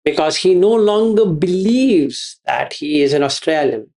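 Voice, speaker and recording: Gravelly-voiced man giving a Buddhist teaching. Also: on the high side, expressive, a little slow, darkish tone. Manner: repeats phrases and asks rhetorical questions. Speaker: meditation teacher.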